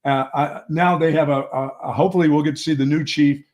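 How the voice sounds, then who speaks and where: A man co-hosts a sports talk show in loose, casual banter. His voice sits slightly high for a man, and he rambles through stories, stumbling and restarting his words. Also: steady tone, fast talker, darkish tone, highs cut off. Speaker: sports radio co-host.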